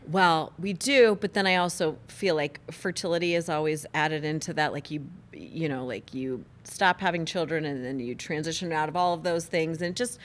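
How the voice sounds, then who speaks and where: A woman's voice: low voice, normal speed, hardly any pauses. A woman co-hosting a podcast from a studio, chatty and teasing, laughing often. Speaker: podcast co-host. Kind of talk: casual chat.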